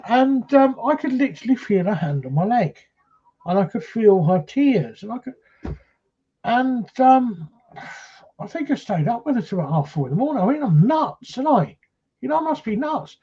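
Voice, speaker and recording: A man's voice: very high-pitched, very animated, normal speed, dark tone, slightly rough, muffled recording. A man, a paranormal investigator, telling a rambling first-hand story on a live stream, full of fillers and restarts.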